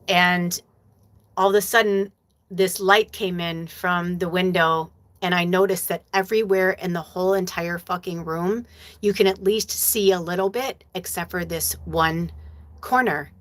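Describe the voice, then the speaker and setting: A woman in her forties hosting a live stream as a spiritual medium, talking to her viewers in a loose, chatty way. Her voice sits a bit low, and she swears freely and fills her sentences with "like" and "you know.". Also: fairly bright tone. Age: 40s. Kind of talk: casual storytelling to viewers.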